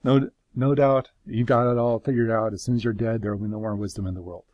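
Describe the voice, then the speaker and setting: A man's voice: medium pitch, lively intonation, normal speed, no room sound, lo-fi sound, close to an everyday voice. A man voicing a suffering man who pleads his innocence before God, passionate and bitter. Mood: sarcastic.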